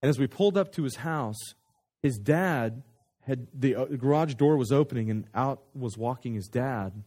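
A man telling a story in a sermon as a pastor, animated and conversational, often restarting his sentences. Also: medium pitch, moderate pace.

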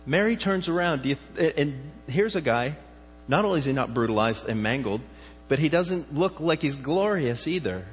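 A man's voice: fairly high pitch, lively intonation, normal speed. A man preaching in a conversational tone, asking his congregation questions as he goes. His voice carries a long reverb from a large hall. A faint mains hum sits underneath. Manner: conversational, asks the listeners questions. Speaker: pastor. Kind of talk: sermon.

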